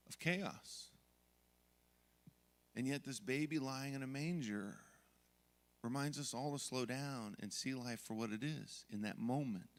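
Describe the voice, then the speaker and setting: A middle-aged man preaching a sermon as pastor, telling stories from family life and acting out yelling moments. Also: medium pitch, in a large hall. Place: church sanctuary.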